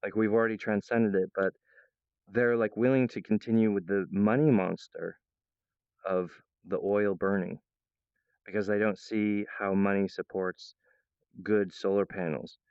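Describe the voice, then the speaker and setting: A man rambling to his viewers, jumping between topics and laughing mid-sentence, now and then mimicking others in a high voice. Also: steady tone, measured pace, clear, resonant tone, no echo, dull audio. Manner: acts out other people's voices in a high pitch.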